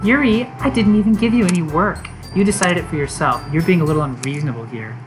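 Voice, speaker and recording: A woman doing a calm, poised club president. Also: fairly low pitch, fast talker, faint music behind, natural voice. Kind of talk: dramatic reading of game dialogue.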